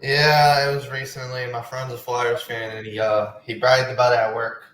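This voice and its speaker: A man joins a livestream to talk sports. He speaks in a relaxed, plain way. His replies are mostly short. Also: mid-range voice, normal speed, low-quality recording. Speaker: guest on a live stream. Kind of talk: casual sports chat.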